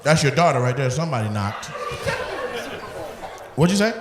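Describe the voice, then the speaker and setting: A man doing loud, profane crowd work on a comedy club stage, bantering and laughing with the audience over a handheld mic. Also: medium pitch, expressive, normal speed. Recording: roomy live club sound, loud crowd noise.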